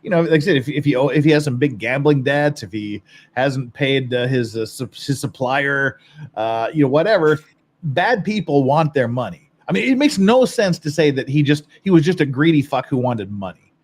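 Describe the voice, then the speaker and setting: Guy hosting a podcast, mid pitch, rambly and blunt, swears a lot. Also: expressive, moderate pace. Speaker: podcast host. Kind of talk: casual commentary, reading viewer comments.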